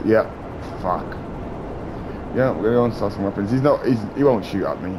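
A young man giving casual, excitable gameplay commentary, swearing and trash-talking other players. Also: lowish voice, fairly quick, pauses often, background noise. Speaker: gaming YouTuber.

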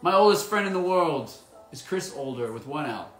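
A man's voice: on the high side, lively intonation, moderate pace, fairly bright tone. Playful man reading fan messages, roomy echo. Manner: playful, rambling, reads fan messages aloud. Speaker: actor signing autographs. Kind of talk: casual livestream chat. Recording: roomy echo with faint music.

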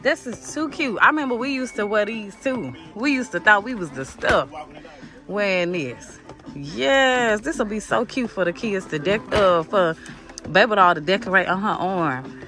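Filming her trip through a discount clothing store, a woman vlogger chats with her audience, calling them "y'all." Her mid-range voice is animated and a bit bright at normal speed, with faint music in the background.

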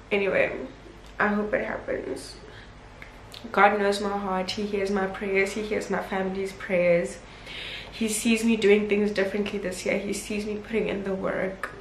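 A young woman, chatting casually and emotionally in a home vlog. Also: mid-range voice. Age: 20s. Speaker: vlogger. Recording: roomy with faint background noise.

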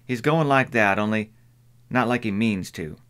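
A man's voice: fairly low pitch, normal speed, fairly bright tone, smooth, close to an everyday voice. A man voicing an anxious, earnest young boy with a drawl. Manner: earnest, worried. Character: anxious boy, about twelve.

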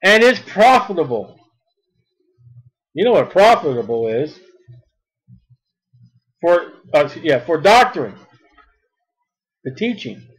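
A man preaching a sermon, reading scripture slowly and then speaking emphatically. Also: on the high side, very animated, breathy edge, rough recording.

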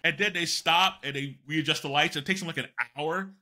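A man's voice: on the high side, a little fast, bright, forceful tone. An older man, a guest on an interview podcast, telling long rambling anecdotes full of fillers and restarts.

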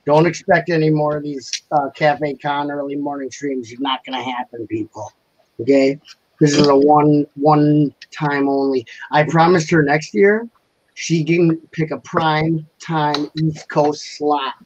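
A man's voice: fairly high pitch, fairly even intonation, a little slow. A man hosting a casual livestream chat, joking around and laughing often. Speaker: livestream host. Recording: slightly dull lo-fi sound, faint noise.

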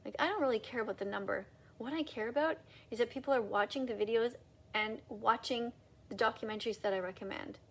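Woman, high-pitched, husky, preachy rant to camera, mocking jumps in pitch. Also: fast. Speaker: video creator. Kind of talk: ranting monologue to camera.

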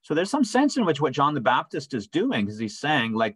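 A man with a slightly husky voice teaches a church Bible study in a relaxed, conversational way. His pitch moves a lot as he acts out the quoted voices. The sound is close and dry. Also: moderate pace, no echo, poor audio. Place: church room.

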